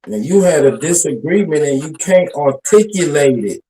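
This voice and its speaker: A man with a fairly high voice, mocking and needling his opponent in a heated casual panel debate. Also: lively intonation, moderate pace, dark tone, poor audio. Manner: mocking, repeats "brother". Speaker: panel participant.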